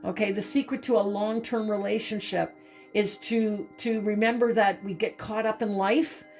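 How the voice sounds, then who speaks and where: A woman's voice: mid-range voice, steady tone, normal speed, a little mellow, soft background music. A woman doing a spiritual tarot reading, emotional and repeating herself, often saying "okay". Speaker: tarot reader.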